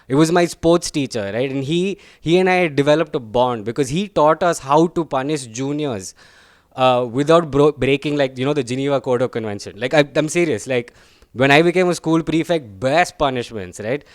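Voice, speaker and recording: A young man tells a stand-up story in a chatty, self-deprecating way. His voice is smooth and clear, sitting in a middle register. The sound is close and dry, with no room echo. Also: mid-range voice. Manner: chatty, self-deprecating, tags lines with "right?" and "guys". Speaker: stand-up comedian. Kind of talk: stand-up comedy set.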